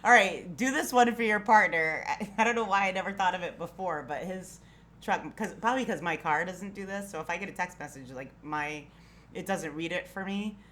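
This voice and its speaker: A woman's voice: on the low side, fairly quick, fairly bright tone. A young adult woman co-hosting a podcast in casual chat, giggly and teasing, often trailing off mid-thought. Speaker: podcast co-host.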